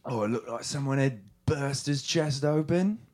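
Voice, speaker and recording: A man's voice: medium pitch, normal speed, crowd noise, close to an everyday voice. Brief: male improviser as straight-faced themed-hotel staffer spinning wild stories. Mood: deadpan. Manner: deadpan, tells tall tales with a straight face. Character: deadpan male hotel worker in pirate character. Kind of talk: improvised comedy podcast.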